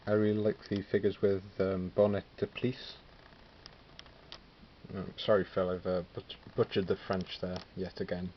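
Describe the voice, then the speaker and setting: Fairly quick and with few pauses, a low-pitched man from Wales walks through his miniature figures in an even, level tone. It's an offhand show-and-tell from a wargaming hobbyist who thinks out loud, peppering his talk with fillers and self-corrections. The recording is lo-fi and a little dull, and background noise is plain to hear.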